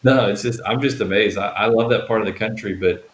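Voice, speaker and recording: Low-voiced man in an echoey room. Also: brisk. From Texas, USA. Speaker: co-host. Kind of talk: casual interview chat. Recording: echoey room with faint hiss.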